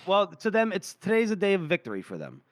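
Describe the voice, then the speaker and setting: A man's voice: sits high, huge pitch swings, fast talker, no room sound, clean studio sound. A man co-hosting a casual book podcast, acting out characters' lines with lots of laughter. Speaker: podcast co-host. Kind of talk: casual book-discussion chat.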